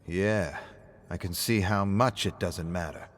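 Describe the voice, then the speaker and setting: A man's voice: on the low side, very animated, measured pace, no echo. A man voicing a blunt, caring pub owner who talks steadily and probes his friend. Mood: probing.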